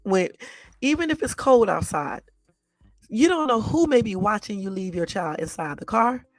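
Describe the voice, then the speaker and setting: A woman's voice: medium pitch, lively intonation, normal speed, no room sound, soft background music. A woman hosting a live stream, reacting bluntly and with exasperation to news clips, repeating herself and swearing casually. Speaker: channel host.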